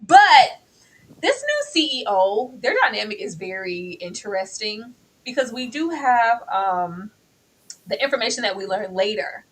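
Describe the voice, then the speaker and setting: A woman co-hosting a casual TV review, talking in an animated way and scolding the characters as if they could hear her. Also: medium pitch, measured pace, low-quality recording. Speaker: co-host of a TV review show. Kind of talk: casual TV recap chat.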